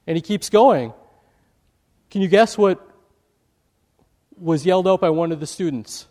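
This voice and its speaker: A male preacher tells a story from the pulpit, animated and quick to act out the people in it. His voice sits high for a man. A long hall reverb trails every phrase. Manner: animated, acts out quoted voices. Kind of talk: sermon storytelling.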